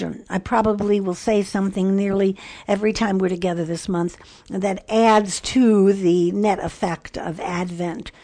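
A woman's voice: mid-range voice, creaky, mellow. An older woman giving a devotional teaching talk to women, earnest and musing, with small self-mocking asides. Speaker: Christian women's ministry teacher.

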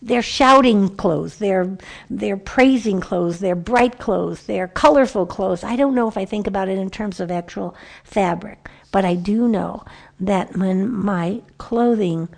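A woman giving a conversational Bible teaching to a group of women, animated and storytelling, often restarting her sentences. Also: medium pitch, measured pace, gravelly. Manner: lively, animated storytelling with frequent self-corrections.

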